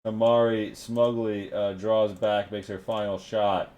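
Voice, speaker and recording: A man running a tabletop role-playing game as game master, narrating in a halting way with many fillers. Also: on the low side, flat delivery, a little mellow, dull audio.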